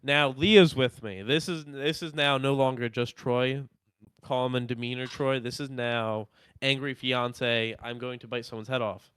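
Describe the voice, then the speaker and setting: A young man co-hosting a podcast, telling a story in animated casual chat and acting out what people said. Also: mid-range voice, unhurried, smooth. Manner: animated, acts out quotes of himself and others. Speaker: podcast co-host.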